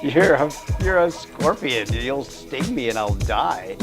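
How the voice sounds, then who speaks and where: A man's voice: expressive, slow pace, over music. A man voicing a wary male frog in a told fable, doubtful and easily talked round. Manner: incredulous, then shrill and alarmed. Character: wary male frog, later dying in panic.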